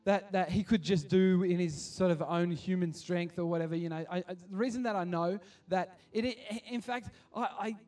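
A man's voice: high-pitched, normal speed, few pauses, a little mellow, far from the mic. A man preaching a casual sermon at kids church, full of restarts, that builds to passionate appeals. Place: church hall.

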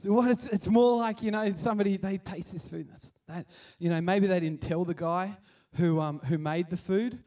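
Aussie guy giving a laid-back sermon, fairly high voice, acts out the stories. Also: moderate pace, few pauses, recorded from a distance. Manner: chatty and animated, acting out scenes. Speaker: preacher. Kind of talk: casual sermon.

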